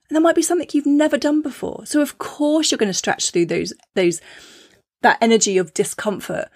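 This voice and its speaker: A woman's voice: fairly high pitch, steady tone, brisk, darkish tone, slightly rough, no echo, clean studio sound. A woman hosting a solo motivational podcast, upbeat, acting out inner voices with playful exclamations. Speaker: podcast host.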